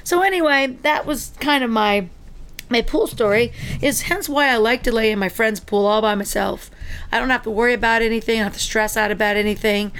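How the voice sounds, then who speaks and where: A middle-aged woman with a high voice tells a story in casual conversation. She is animated and restarts her sentences often as she goes. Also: a little fast, slight background noise. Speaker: podcast co-host. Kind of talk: casual chat.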